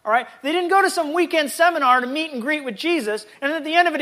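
A man leading a casual Bible lesson with a very high, bright voice. He talks in a chatty, animated way and keeps dropping in jokey asides. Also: fast talker, hardly any pauses. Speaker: Bible study teacher.

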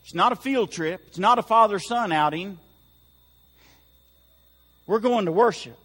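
High bright preaching man in echoing hall. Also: a little slow, pauses often. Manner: emphatic preaching with swelling volume and humor. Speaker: pastor. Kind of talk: sermon. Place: church sanctuary. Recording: long hall reverb.

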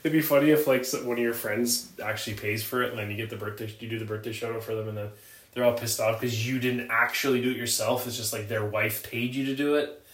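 Joking podcast co-host, roomy sound. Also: male voice, medium pitch, quick pace. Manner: joking, deadpan banter. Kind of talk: casual chat. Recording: roomy with faint ambience.

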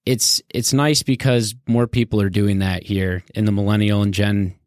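A man's voice: fairly low pitch, fairly even intonation, moderate pace, darkish tone, dry recording, studio quality. A man hosting a podcast in casual chat, speaking frankly, conversationally and with some mild swearing.

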